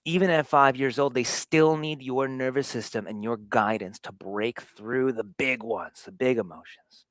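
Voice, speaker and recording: A man hosting a show, giving an earnest motivational talk on fatherhood, swinging between hushed and emphatic delivery. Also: medium pitch, moderate pace, hardly any pauses, no echo. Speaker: show host.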